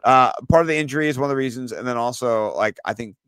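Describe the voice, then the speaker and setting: A man co-hosting a sports podcast, talking excitedly and loosely, with lots of fillers and some swearing. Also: medium pitch, fast, smooth, dry recording. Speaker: podcast co-host. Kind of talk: casual sports chat.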